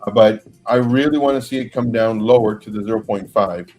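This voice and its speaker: A man explaining a price chart on a livestream in a measured, hesitant way, with frequent fillers. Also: fairly low pitch, dark tone, faint music behind. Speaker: crypto chart analyst co-host.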